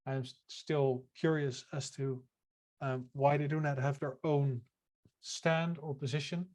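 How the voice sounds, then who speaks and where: A man's voice: mid-range voice, steady tone, a little slow, a little mellow. A man co-hosting a casual podcast, joking around and reading text aloud, often stumbling over his words. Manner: jokey, stumbles and repeats words. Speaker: podcast co-host.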